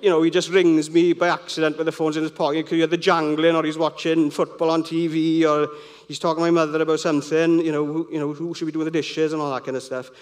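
High-voiced man preaching. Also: level tone, fast talker. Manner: conversational, digressive, anecdotal. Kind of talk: sermon.

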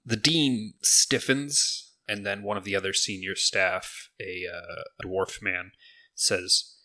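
A man narrating as game master of a tabletop game in a steady, descriptive way. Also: deep voice, takes it slowly.

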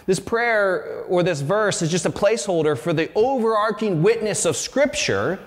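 Earnest preacher man in a reverberant hall. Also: high-pitched. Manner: earnest, conversational with frequent restarts. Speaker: pastor. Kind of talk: sermon.

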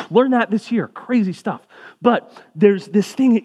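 A man's voice: high voice, animated, moderate pace, darkish tone. A young man preaching a sermon as pastor, in a conversational way with casual asides.

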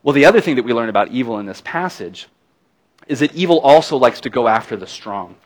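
A man's voice: medium pitch, expressive, quick pace. A middle-aged man delivers a sermon in a mid-range voice. His manner is conversational and folksy, and he breaks into easy laughs between his points. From not from Alabama. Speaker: pastor.

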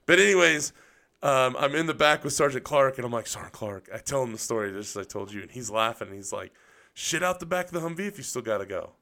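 Co-host: man with a bright, forceful voice, swears freely, laughs through his stories. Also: mid-range voice, clear, resonant tone. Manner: profane, laughing storyteller. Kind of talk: casual storytelling chat.

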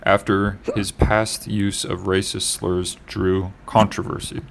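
Low gravelly man, flat casual delivery. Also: background noise. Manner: halting, with many fillers and restarts. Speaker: podcast co-host. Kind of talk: casual chat, reading news aloud.

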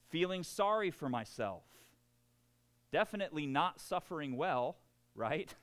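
A man's voice: on the high side, a bit bright. A man preaching a sermon, acting out quoted voices and laughing at himself. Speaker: pastor.

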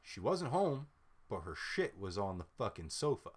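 Young man ranting with a low voice. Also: normal speed, slightly rough. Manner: profane, animated ranting storyteller. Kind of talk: casual chat.

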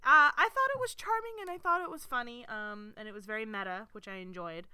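Bright, lively woman podcast co-host. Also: on the high side, fast talker, smooth, no room sound. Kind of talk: casual chat.

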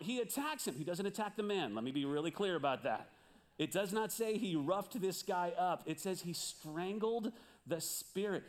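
A man preaching a sermon as pastor, animated and questioning his listeners. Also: high-pitched.

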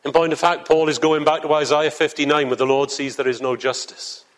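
A man's voice: on the high side, level tone, fairly quick. A man preaching a sermon to a congregation in church, earnest and building to fervent emphasis. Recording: long hall reverb.

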